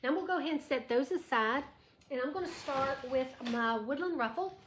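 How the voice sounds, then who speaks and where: High-voiced chatty woman. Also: animated, fairly quick. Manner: chatty and bubbly, greets viewers by name and counts aloud. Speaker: craft livestream host. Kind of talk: live craft tutorial, chatting with viewers. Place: her craft shop. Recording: echoey room with background noise.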